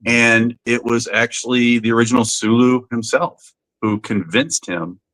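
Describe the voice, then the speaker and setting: A man's voice: medium pitch, fairly even intonation, unhurried, fairly bright tone, low-quality recording. A man co-hosting a podcast, chatting casually and often restarting his sentences with fillers. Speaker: podcast co-host. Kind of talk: casual chat.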